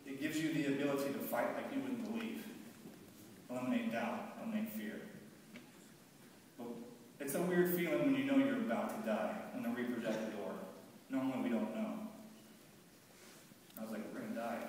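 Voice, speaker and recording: A man telling his own war story to a live audience in a halting, heavy way, often stopping and repeating words. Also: mid-range voice. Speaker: speaker recounting his war experience to an audience. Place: large hall with an audience. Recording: echoey hall, mic far off, faint background hiss.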